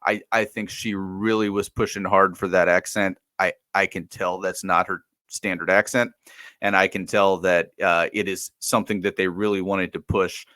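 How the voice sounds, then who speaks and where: A man's voice: low voice, level tone, moderate pace, sharp tone, no room sound, clean studio sound. A man co-hosting a podcast, chatting casually about a fantasy series with frequent restarts and fillers. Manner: hesitant, many restarts and fillers. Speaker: podcast co-host. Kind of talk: casual review chat.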